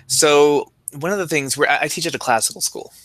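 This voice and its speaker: A man's voice: a little high, brisk, fairly bright tone, no echo. A young man co-hosting a podcast with dry, wry humor, who also reads passages aloud. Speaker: podcast co-host and teacher. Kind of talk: casual chat, reading aloud.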